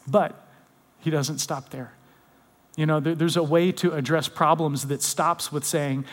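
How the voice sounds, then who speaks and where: A man preaching a conversational sermon, often dropping to soft, intimate tones. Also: a little high, steady tone, unhurried, big-room sound. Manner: conversational, drops to soft intimate tones when quoting comfort. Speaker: pastor.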